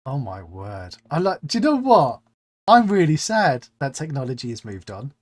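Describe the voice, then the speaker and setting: Lively, chatty interview host. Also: mid-range voice. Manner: chatty and playful, quick to joke. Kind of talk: casual interview chat.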